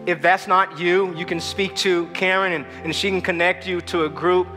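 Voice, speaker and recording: A man preaching a sermon to his church, passionate and swinging between loud outbursts and hushed moments. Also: high-pitched, flat delivery, normal speed, long reverb tail, music in the background. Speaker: pastor. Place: church hall.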